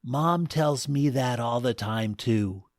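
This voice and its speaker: A man voicing a kind young son in a told story, speaking softly and sympathetically. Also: medium pitch, slow, no echo, clean studio sound, lightly acted. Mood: comforting. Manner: soft and sympathetic.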